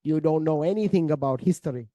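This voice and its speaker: A man voicing a laughing, scornful male gunman with a slow, low drawl. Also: dark tone, no echo, studio quality, lightly acted.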